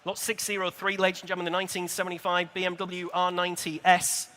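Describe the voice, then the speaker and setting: A man working as an auctioneer, calling motorcycle bids in a brisk, rhythmic patter with quick friendly asides to bidders. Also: high voice, monotone, sharp tone, a little hiss or hum. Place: motor show sale room. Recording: reverberant large exhibition hall.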